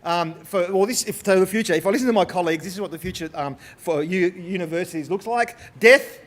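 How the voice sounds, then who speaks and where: Aussie guy w a high voice joking thru a conference talk, lots of restarts. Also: quick pace. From Australia. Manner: lively, joking, self-deprecating, many restarts. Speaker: conference speaker. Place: large conference hall.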